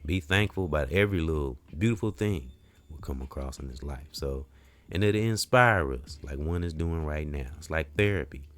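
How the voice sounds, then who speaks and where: A podcast host with a rumbling low voice delivers an animated, rambling motivational talk at normal speed. He sounds preacherly, uses casual slang, repeats phrases, and swings from quiet moments to loud emphasis.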